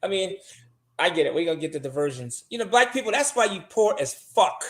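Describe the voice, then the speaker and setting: A man's voice: sits high, very animated, fairly quick, a bit bright. Blunt, cursing man in a roomy echo. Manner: blunt, profane and emphatic. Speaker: guest giving credit advice. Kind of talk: casual advice talk.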